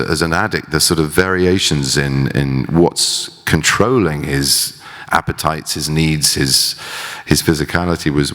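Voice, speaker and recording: Deep-voiced man telling stage anecdotes. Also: long reverb tail. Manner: animated storytelling, acting out quoted voices. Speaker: actor guest. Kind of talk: onstage career conversation.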